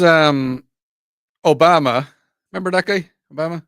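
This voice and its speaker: A man's voice: mid-range voice, lively intonation, normal speed, fairly bright tone, no echo. An Irish man hosting a radio talk show, chatting in a rambling, jokey, self-mocking way into a studio microphone. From Ireland. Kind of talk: casual radio chat.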